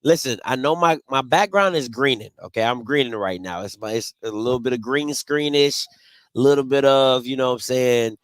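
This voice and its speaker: A man's voice: mid-range voice, moderate pace, dry recording. A man hosting a casual live postgame sports show from home, talking in a playful, trash-talking way and repeating himself for emphasis. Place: home, green screen behind him.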